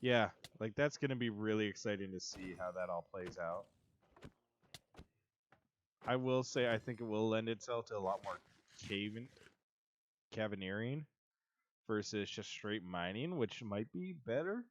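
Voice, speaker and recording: A man's voice: lowish voice, measured pace, pauses often. A man chatting casually and laughing often while livestreaming a game and answering his chat. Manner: giggly, chatty, reads chat aloud. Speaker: streamer. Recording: dull, dry lo-fi mic.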